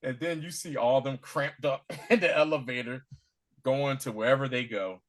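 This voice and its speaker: A man co-hosting a podcast, recapping an episode in casual chat, acting out the characters' lines with quick voiced quotes and laughter. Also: mid-range voice. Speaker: podcast co-host.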